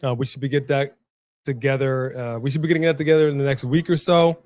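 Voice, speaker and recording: A man's voice: mid-range voice, quick pace, no echo. Guy cohosting a wrestling livestream, chatty, talks to the chat. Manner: chatty, animated, addresses the chat. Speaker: co-host of a wrestling watch-along. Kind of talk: casual live-stream chat.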